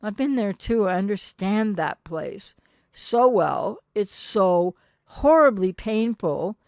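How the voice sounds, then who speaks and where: Gentle older woman therapist, dry sound. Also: medium pitch, expressive, slow pace, dry recording. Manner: earnest and gentle, acts out quoted partners. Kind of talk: advice monologue to viewers.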